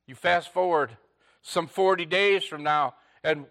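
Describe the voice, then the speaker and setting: Emphatic preacher, slow and bright-voiced. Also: male voice, on the high side. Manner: swings between loud emphatic lines and hushed near-whispers; preaches in short, repeated declarative phrases. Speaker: pastor. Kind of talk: sermon.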